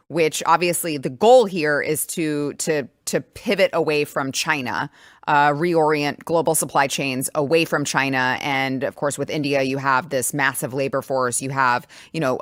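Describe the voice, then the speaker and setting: Low-voiced chatty woman hosting a talk show. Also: no echo, studio quality. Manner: chatty, joking, filler-heavy. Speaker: show host. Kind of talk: casual political talk show.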